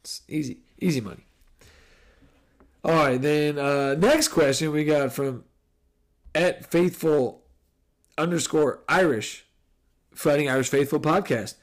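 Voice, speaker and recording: A man's voice: fairly high pitch, unhurried, pauses often. Rambling, chuckling male podcast host. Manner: rambling, laughs easily, breaks off mid-sentence. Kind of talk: casual podcast Q&A.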